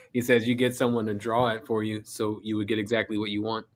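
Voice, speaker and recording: A man's voice: fairly low pitch, flat delivery, moderate pace. A young man with a Detroit accent co-hosting a fan podcast, teasing the others and laughing often in casual chat. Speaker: podcast co-host.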